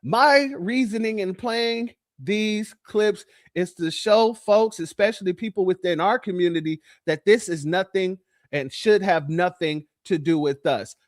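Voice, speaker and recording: A man hosting a commentary show, reacting to played clips in an animated, preachy and mocking way. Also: sits high, measured pace.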